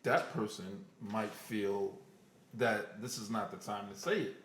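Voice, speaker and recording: A man's voice: on the low side, fairly even intonation, unhurried, fairly bright tone, far from the mic, slight background noise. A man co-hosting a casual podcast chat, laughing often and teasing the others. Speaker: podcast co-host. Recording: echoey room.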